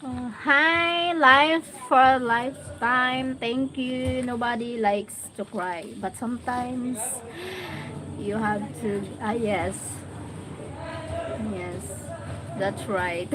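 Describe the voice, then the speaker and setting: Filipino woman host, unhurried, halting English with Tagalog fillers, noisy background. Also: a little high. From Philippines. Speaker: live-stream host. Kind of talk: casual live-stream chat.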